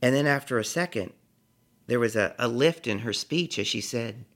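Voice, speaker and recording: A man telling a personal story with lively delivery, acting out the people in it. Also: medium pitch, normal speed. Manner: animated, acts out every character.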